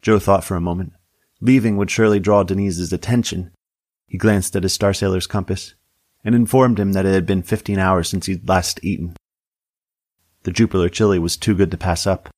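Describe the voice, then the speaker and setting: A man's voice: low-pitched, fairly even intonation, moderate pace, a little mellow, no echo. A man narrating a story in a dry, wry storytelling manner.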